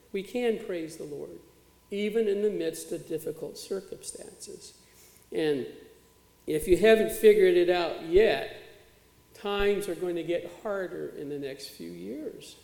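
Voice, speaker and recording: Creaky-voiced pastor in an echoing church. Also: male voice, sits high, darkish tone. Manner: plain conversational preaching with occasional fillers. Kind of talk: sermon. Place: church sanctuary. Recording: echoey church hall.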